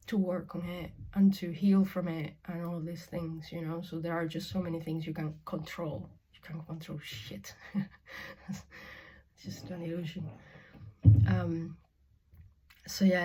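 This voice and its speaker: A woman's voice: on the low side, breathy edge. A young woman from Spain talking frankly to camera in a casual vlog, swearing freely and dropping to whispers. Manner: frank and sweary, laughing often, swinging from loud to whispered. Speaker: spiritual vlogger. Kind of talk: candid casual monologue.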